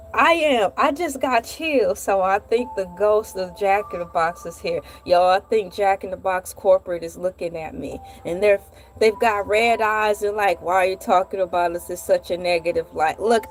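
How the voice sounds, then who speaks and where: A woman's voice: mid-range voice, measured pace, a little hiss or hum. Playful woman hosting a comedy vlog. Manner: animated, playful, dramatic asides. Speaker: vlog host. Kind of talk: comedic storytelling monologue.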